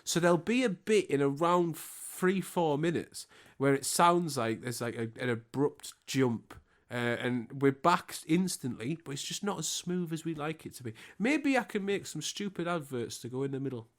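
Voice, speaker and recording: A man with a fairly high voice co-hosts a podcast over a remote call. He rants and mocks in quick, sweary bursts, and every bit stays casual banter. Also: animated. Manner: sweary, ranting, quick to mock. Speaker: podcast co-host.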